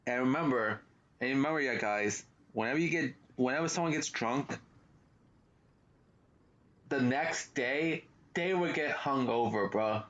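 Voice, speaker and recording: A man's voice: medium pitch, measured pace, fairly bright tone, dull audio. Slangy young man commentating a game. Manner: casual slangy banter, laughing at the game. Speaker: gaming channel host. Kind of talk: casual let's-play commentary.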